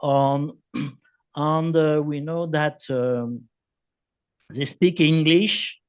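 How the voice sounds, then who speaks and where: Halting man, very slow. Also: a little high, fairly even intonation, clear, resonant tone, lo-fi sound. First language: French. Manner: halting, many fillers and restarts, repeats phrases. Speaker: guest author. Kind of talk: unscripted explanation in an interview. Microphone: video call.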